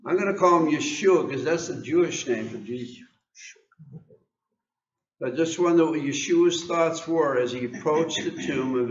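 A man's voice: medium pitch, echoey room, muffled recording, slight background noise. An American man preaching an informal sermon, reading scripture and asking the congregation questions, often repeating words as he goes.

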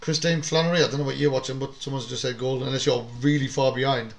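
A man's voice: mid-range voice, steady tone, fast talker, slight background noise. A man with a North East English accent, a football fan streaming a live match chat with blunt, sweary banter. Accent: North East England.

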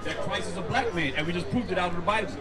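A man preaching loudly on a city street, firing questions at passersby. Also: sits high, rapid-fire. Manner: loud, confrontational questioning. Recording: distant mic with street crowd noise.

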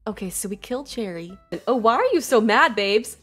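A woman streaming a video game, giving casual, excitable commentary with a lot of swearing and laughter. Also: mid-range voice, fairly quick, slightly rough, faint music behind.

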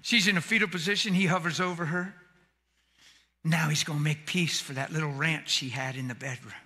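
A man preaching a sermon as a pastor, in folksy everyday grammar, swinging from loud shouts to hushed near-whispers. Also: fairly high pitch, fairly even intonation, fairly quick, husky. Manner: plain colloquial grammar. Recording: echoey hall.

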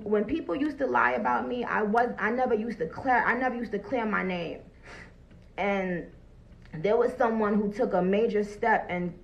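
A woman's voice: medium pitch, gravelly, muffled recording. A woman chatting bluntly and profanely on a phone livestream, greeting viewers as she talks. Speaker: livestream host. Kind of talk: casual livestream chat. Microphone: phone camera.

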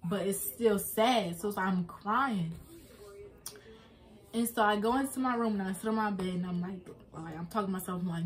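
A woman's voice: medium pitch, moderate pace. A young woman vlogger, emotionally retelling a personal story with lots of fillers.

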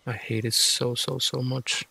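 A man's voice: medium pitch, little pitch movement, measured pace, creaky, pushed and bright, breathy edge, no echo. A man giving casual, rambling gameplay commentary, often frustrated and self-mocking. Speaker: gaming streamer.

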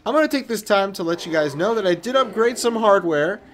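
A man giving excitable, joking let's play commentary on a game, swearing and talking back to the screen. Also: sits high, brisk. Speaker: gaming commentator. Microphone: new desk mic with webcam.

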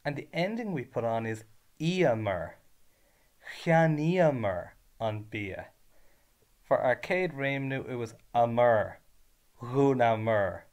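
An Irish man talks through a revision lesson at an unhurried pace, in a voice of middle pitch. He is patient and methodical, splitting words into their syllables so every sound is clear. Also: expressive, a little mellow. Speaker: Irish language teacher.

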